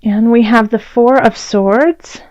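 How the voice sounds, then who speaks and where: A woman's voice: fairly high pitch, steady tone, takes it slowly, muffled recording. Chatty woman doing a tarot reading. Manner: chatty, warm-hearted, many fillers and "okay?" check-ins; laughs often while speaking. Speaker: tarot reader. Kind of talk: casual tarot reading to camera.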